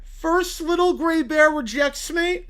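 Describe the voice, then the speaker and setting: A synthetic voice playing a small, hot-tempered male bear cub in a fan-made cartoon, yelling and whining. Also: takes it slowly, heavily acted. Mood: whiny. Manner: shrill, whiny, yelling.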